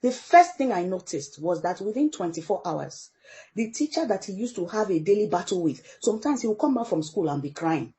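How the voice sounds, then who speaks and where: Animated middle-aged woman telling a story. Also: mid-range voice, brisk. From Africa. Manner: animated storyteller who acts out quoted dialogue. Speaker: guest parent. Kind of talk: storytelling in a podcast interview.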